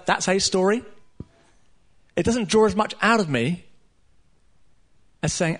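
A man preaching a sermon to a room of listeners, earnest and emphatic, with casual asides and pauses. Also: high voice. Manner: casual asides with light laughter. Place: room with a live audience.

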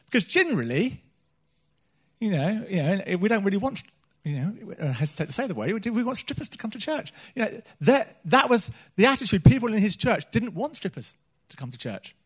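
Earnest preacher man, slightly high. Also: sing-song, fairly quick, husky. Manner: earnest, repeats himself and restarts phrases. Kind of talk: sermon. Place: church meeting hall.

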